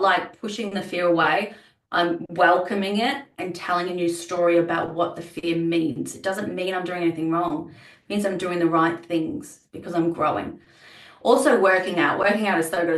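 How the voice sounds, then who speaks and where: A woman's voice: lowish voice, echoey room, recorded from a distance, poor audio. A young adult woman leading a business workshop, talking earnestly and repeating words as she thinks. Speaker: business coach. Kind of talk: workshop talk.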